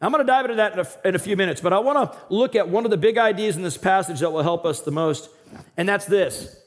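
A male pastor preaching a sermon in a conversational, animated way, swinging between loud emphasis and quiet asides. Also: high-pitched, fast.

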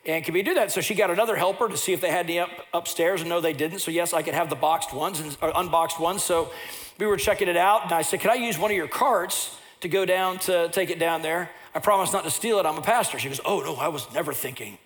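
A pastor preaching a sermon, telling personal stories, and at times rising into loud impassioned preaching. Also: male voice, sits high, quick pace.

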